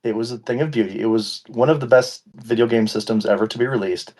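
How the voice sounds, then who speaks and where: A man in his forties with a mid-range, darkish voice talks fast as a podcast co-host. It's a casual chat, and he rants with playful mock indignation.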